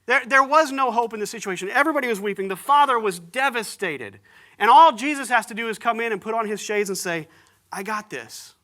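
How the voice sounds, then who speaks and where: A man's voice: very high voice, fast talker, bright, forceful tone. A man preaching a sermon, retelling a story in an easygoing way with slang and acted-out dialogue. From United States. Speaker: pastor. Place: church.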